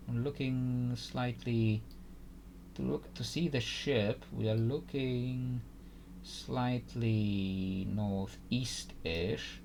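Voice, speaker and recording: Man, gaming commentary, unhurried, gravelly, hesitant, thinks aloud. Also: mid-range voice, a little mellow, slight background noise. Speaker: gaming YouTuber. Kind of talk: casual gameplay commentary.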